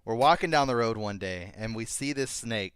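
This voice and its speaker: A man's voice: medium pitch, expressive, normal speed, a bit bright, smooth, no echo. A man co-hosting a podcast, telling rowdy stories and swearing freely in a casual chat. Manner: swears a lot, rowdy storytelling. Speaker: podcast co-host.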